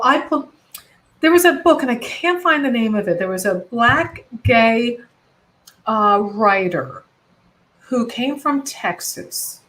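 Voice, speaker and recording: Slightly high and fairly bright, this woman's voice comes through poor audio. She's a middle-aged comedian from the United States, a guest on a relaxed video call, speaking with passion and rambling through plenty of self-corrections.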